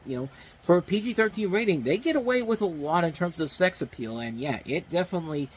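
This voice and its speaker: A man's voice: high voice, quick pace, a little hiss or hum, low-quality recording. A man hosting a movie review show, talking casually and rambling, with lots of fillers and restarts. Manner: rambling, many fillers and restarts, animated emphasis.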